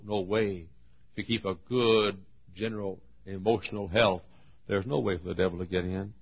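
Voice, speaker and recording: An older man preaching a sermon, telling stories emotionally and swinging from hushed tones to shouts. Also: low-pitched, gravelly, husky, lo-fi sound. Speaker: pastor.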